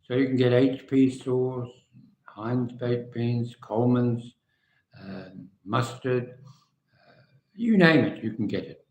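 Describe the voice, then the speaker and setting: An English man in his seventies chatting casually and frankly to viewers on a live stream, rambling and trailing off quietly at the ends of phrases. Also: mid-range voice, takes it slowly, long pauses, a little hiss or hum. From England. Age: 70s. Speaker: vlogger. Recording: echoey room.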